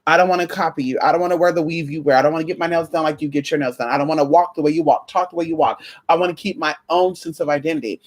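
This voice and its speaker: A woman chatting casually to camera about spiritual energy. She swears freely and acts out conversations with sudden high jumps in pitch. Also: very fast, few pauses. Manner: animated, profane, acts out quoted exchanges with big pitch jumps. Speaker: spiritual vlogger.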